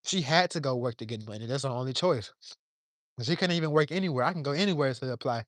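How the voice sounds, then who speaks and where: A man's voice: mid-range voice, fast talker, fairly bright tone, dry recording. A man giving an impassioned, profane monologue to camera from his yard, preaching in plain street talk while a little under the weather. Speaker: vlogger.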